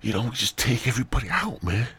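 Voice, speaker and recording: A man's voice: mid-range voice, very animated, fast talker, sharp tone, a little hiss or hum. A man mimicking dismissive gangster thugs who scoff at a threat. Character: mocking male gangster thugs.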